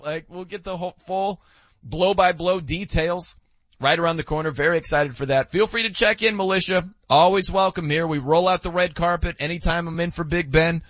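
Male sports radio host, emphatic and sarcastic, bright tone, dry studio mic. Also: a little high, no room sound, lo-fi sound. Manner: emphatic, animated, sarcastic asides. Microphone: studio microphone.

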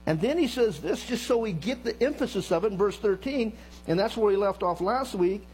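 A middle-aged pastor preaches in a high voice, swinging from loud emphasis down to hushed, heavy tones. He drops joking asides to his congregation between points. A faint electrical hum runs under the church recording. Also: expressive, moderate pace, poor audio. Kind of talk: sermon. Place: church sanctuary.

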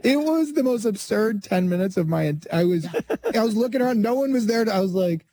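Male guest, 30s, higher-pitched, mellow tone, animated comic storyteller. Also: fairly quick. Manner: animated, laughing, acts out voices in anecdotes. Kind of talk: casual chat and comic storytelling.

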